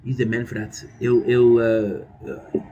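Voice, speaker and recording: A gaming streamer tells stories casually while he plays, rambling, repeating phrases and swearing offhandedly. His mid-range voice is level, dark in tone and a little slow, heard on a lo-fi recording.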